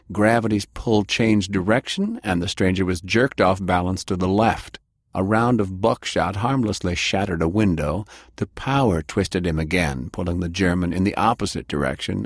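A man narrating an audiobook in a lively reading style. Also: low voice, dry recording, clean studio sound.

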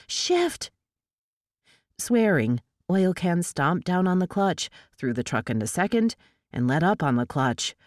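Low-voiced woman narrating a novel. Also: dry recording, studio quality. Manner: steady, measured storytelling. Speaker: audiobook narrator.

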